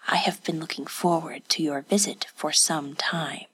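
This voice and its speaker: A woman's voice: sits low, husky, heavily acted. A woman whispering as a scheming feudal lord, whispered role-play. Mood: hushed. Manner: hushed, muttered, measured. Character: scheming male feudal lord, cordial but ruthless.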